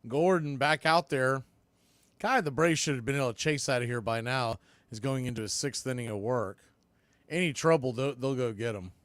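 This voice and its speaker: A man doing casual live baseball play-by-play on a watch-party stream, chatting between pitches and often repeating words as he explains. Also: moderate pace, a bit bright, dry recording. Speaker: play-by-play announcer.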